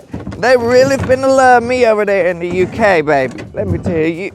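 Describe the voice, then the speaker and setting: A man's voice: sits high, normal speed, soft background music. A man doing farm chores, talking in a sassy, profane, theatrical way to his animals outdoors.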